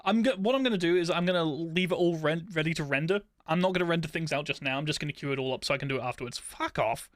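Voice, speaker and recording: A streamer talks through their editing in a loose, self-directed mutter and swears offhandedly. The voice sits at a middling pitch, and the sound is dry with no room echo. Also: rapid-fire, hardly any pauses. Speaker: live streamer. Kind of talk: casual chat while editing videos.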